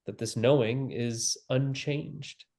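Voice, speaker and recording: A man giving a spiritual teaching, speaking calmly and slowly with long pauses and repeated phrases. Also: medium pitch. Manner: calm, slow and repetitive, with long pauses. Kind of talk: slow guided spiritual teaching.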